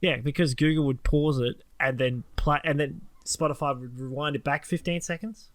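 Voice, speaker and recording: Animated bloke telling a story. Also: male voice, fairly high pitch, moderate pace, no echo. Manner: animated storyteller, acts out quoted voices. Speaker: podcast co-host. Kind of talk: casual chat.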